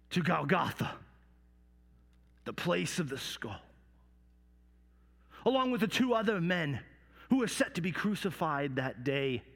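A man performing a dramatic monologue as a Roman soldier, hushed and halting at times. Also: fairly high pitch, vocal fry, in a large hall. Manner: storytelling with hushed dips and halting repeats. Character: remorseful Roman soldier telling his story. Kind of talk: dramatic first-person monologue.

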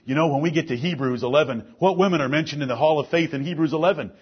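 A man preaching a sermon, firing off rhetorical questions and swinging between soft, low passages and loud, raised ones. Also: fast talker, breathy edge, dull audio.

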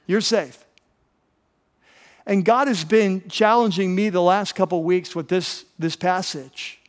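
A man's voice: sits high, fairly even intonation, normal speed, in a large hall. A pastor preaching a sermon, telling a story animatedly and often repeating words as he builds up.

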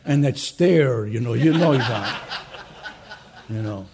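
A male pastor preaching a conference sermon to fellow pastors, swinging between loud urging and soft earnest asides, with joking conversational remarks. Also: medium pitch, animated, unhurried, noisy background.

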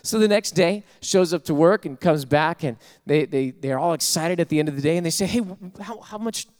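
A male pastor delivers a sermon in a fairly high voice. He mixes folksy storytelling with rising call-and-response preaching. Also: a little fast, a little mellow.

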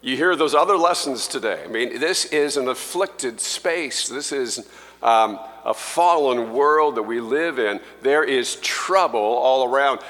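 Slow, bright-voiced preacher in a reverberant church. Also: male voice, mid-range voice, lively intonation. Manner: slow, emphatic preaching that rises when quoting scripture. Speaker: pastor. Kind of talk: sermon. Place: church sanctuary.

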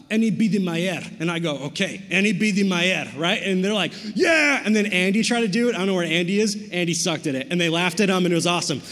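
A young man speaking to students, telling a story with lively acted-out dialogue before turning solemn. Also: high-pitched. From Canada. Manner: slows into quiet, solemn delivery. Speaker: youth speaker. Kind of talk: sermon with storytelling. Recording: long hall reverb.

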